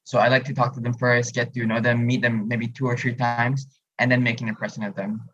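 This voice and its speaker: A man, a student in a casual podcast discussion, thoughtful and pausing often with "um". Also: medium pitch, flat delivery, fairly bright tone, muffled recording. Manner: thoughtful, many "um" pauses.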